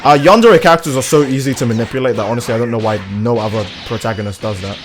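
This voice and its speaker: A man's voice: medium pitch, rapid-fire, over music. A young man streaming a game, chatting casually in a rambling, crude, joking way. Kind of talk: casual livestream chat while gaming.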